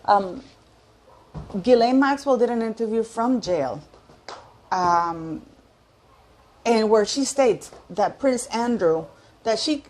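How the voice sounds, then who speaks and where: There's slight background noise behind this woman's darkish, somewhat high voice. In her fifties, she hosts her own opinionated commentary vlog, talking casually with strong views and often restarting sentences while searching aloud for words.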